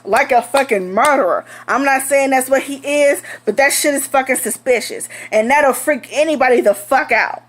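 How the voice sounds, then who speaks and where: A young woman telling a storytime vlog in a blunt, heated, profane way. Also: high-pitched. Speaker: vlogger.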